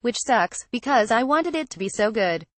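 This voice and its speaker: A woman narrating a news roundup, reading out quotes in an even, matter-of-fact way. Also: fairly high pitch, moderate pace, dry recording.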